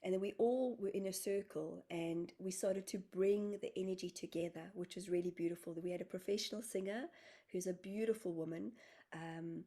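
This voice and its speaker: A woman's voice: lowish voice, steady tone, normal speed, warm tone. A woman from South Africa, a guest healer, telling a story in a casual interview and acting out her own quoted words with energy. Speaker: guest healer and spiritual medium.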